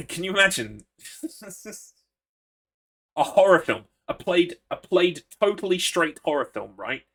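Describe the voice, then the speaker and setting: A man's voice: a little high, big pitch swings, unhurried, a bit bright. A man chatting casually while live-streaming a horror game, rambling, swearing and laughing as he greets viewers.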